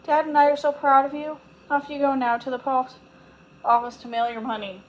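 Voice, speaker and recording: Woman doing a gentle mom, affectionate, proud, storybook. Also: high voice, flat delivery, fairly quick, dull audio, voice pushed up, close to an everyday voice. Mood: fond. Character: affectionate mother.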